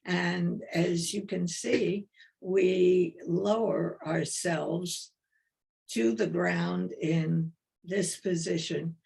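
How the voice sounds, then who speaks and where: An older woman with a New York accent giving a lecture as a retired dance professor over a video call, in a slow, measured, deliberate way. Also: fairly low pitch, steady tone, gravelly, a little mellow. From East Coast of the United States.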